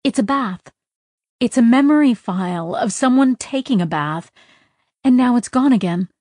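A woman's voice: on the high side, expressive, normal speed, dark tone, no room sound, voice pushed up. A puzzled young artificial woman working out a glitch, as the reader voices her. Her voice is slightly raised and musing, recorded close and dry.

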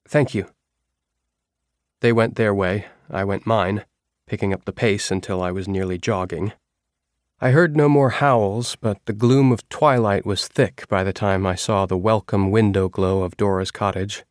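In studio-quality audio free of room sound, a male audiobook narrator with a fairly low pitch delivers a first-person novel. His storytelling is measured and even.

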